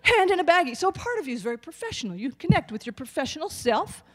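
A woman in her sixties doing stand-up, chatty and self-deprecating, with a slightly high voice. She talks straight to the crowd, wandering through her asides. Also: very animated, quick pace. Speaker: stand-up comic and nurse. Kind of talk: stand-up comedy.

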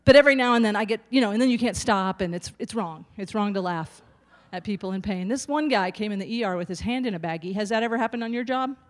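A woman's voice: mid-range voice, quick pace, few pauses. A woman in her sixties, a nurse and stand-up comic, delivering a chatty, self-deprecating routine to the audience. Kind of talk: stand-up comedy.

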